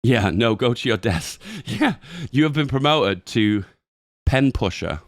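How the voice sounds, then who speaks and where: Guy hosting a gaming channel, lively swoopy delivery, dry close sound, laughs and swears. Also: mid-range voice, a little slow, dry recording. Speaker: gaming YouTuber. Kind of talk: casual commentary on a game update.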